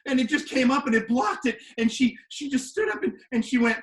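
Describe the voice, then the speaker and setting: A man telling a story to the camera from his home kitchen, animated and swinging from hushed to loud. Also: extremely high pitch, a little fast, hardly any pauses. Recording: echoey kitchen room.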